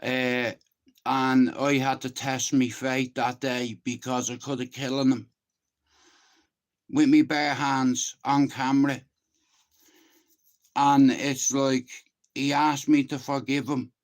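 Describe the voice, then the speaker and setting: A man's voice: mid-range voice, flat delivery, takes it slowly, long pauses. An Irish man around fifty, a channel host, talks in a casual, emphatic monologue, swearing freely and often checking that the listener understands.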